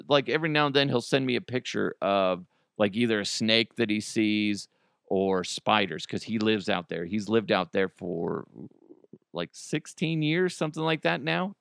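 Animated, laughing American podcast host. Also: male voice, mid-range voice, creaky, clear, resonant tone, dry recording, studio quality. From United States. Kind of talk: casual news commentary podcast.

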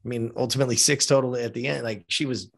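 A man's voice: mid-range voice, fairly even intonation, fast talker, gravelly, husky. A man in his fifties from the United States, a podcast guest telling an emotional personal story with casual swearing and frequent fillers like "like" and "you know". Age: 50s.

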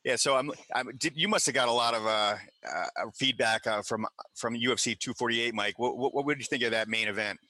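A man's voice: mid-range voice, a little fast, few pauses, sharp tone, dry recording. A man hosting a casual talk show, chatty and stumbling as he asks questions. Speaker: podcast host.

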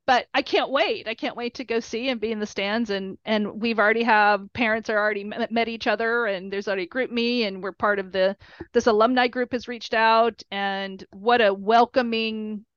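A woman's voice: a little high, steady tone, normal speed, dry recording, highs cut off. A middle-aged woman, a mother, telling a story casually and emotionally, with many fillers and quoted dialogue. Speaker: mother of a college football player.

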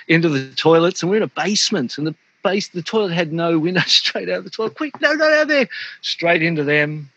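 A man's voice: fairly high pitch, a bit bright, husky, dull audio. A middle-aged man with an Australian accent, telling stories in a casual interview, laughing often and saying "mate" a lot. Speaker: interview guest, former pro surfer. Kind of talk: casual storytelling.

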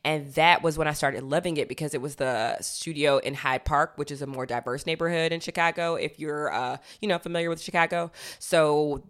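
A woman's voice: deep voice, a little fast, hardly any pauses. Chatty woman co-host telling stories. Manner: chatty, animated storytelling with many fillers. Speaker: podcast co-host. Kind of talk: casual chat.

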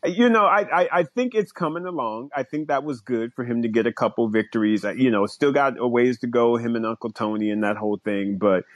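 A man's voice: medium pitch, a little fast, few pauses, dry recording. Male podcast co-host, casual and giggly, dry booth sound. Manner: laughs often, repeats words, drawling storyteller. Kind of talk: casual sports chat.

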